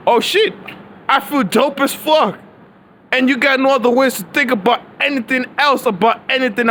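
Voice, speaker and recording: A man's voice: extremely high pitch, fairly bright tone. A man giving a profane, preachy, rambling monologue with lots of slang, recorded outdoors near traffic. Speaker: vlogger.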